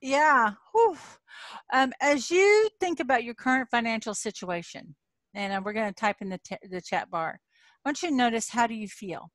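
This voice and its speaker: An older woman hosts a live coaching webinar in a fairly high voice, recorded close and dry. She tells stories chattily and laughs often, then eases into soft, unhurried prompts for her listeners. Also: animated, no echo. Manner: chatty storytelling with frequent laughs; slows into soft guided prompts. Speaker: coach hosting a live online event.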